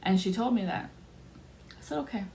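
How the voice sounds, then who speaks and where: Woman, blunt, animated storytelling, casual monologue, faint background noise. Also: medium pitch, moderate pace. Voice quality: blunt, animated, acts out quoted voices. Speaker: podcast host telling a story.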